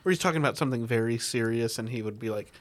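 A man's voice: medium pitch, rapid-fire. A man co-hosting a comedy podcast in casual chat, upbeat and laughing often between his words. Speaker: podcast co-host.

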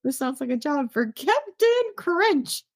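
A woman's voice: high voice, big pitch swings, a little slow, no echo, clean studio sound. A woman co-hosting a podcast in casual chat, teasing and giggling. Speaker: podcast co-host.

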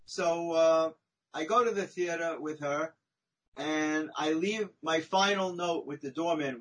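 A man, a podcast guest, telling a long personal story in a chatty, animated way, often tagging his sentences with "right?" and "you know?". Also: a little high, normal speed, rough recording. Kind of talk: conversational storytelling.

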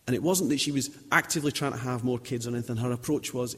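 A man's voice: medium pitch, fast, fairly bright tone, husky. A man in his thirties giving an informal sermon, chatty and anecdotal, often restarting his sentences. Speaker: lay preacher. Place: church. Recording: long reverb of a church hall.

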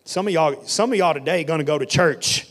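Pastor guy preaching hard, kinda high voice, says y'all a lot, repeats lines to drive it home. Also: a little fast, fairly bright tone. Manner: preaching with rising intensity, repeating lines for emphasis; colloquial Southern-church phrasing, "y'all" and "ain't". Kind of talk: sermon.

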